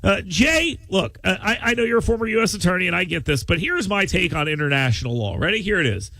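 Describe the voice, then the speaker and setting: A man's voice: sits high, very animated, fast talker, creaky, pushed and bright, no room sound. A man hosting a talk radio show, brash and joking, rambling through his opinions in casual banter. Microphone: studio microphone.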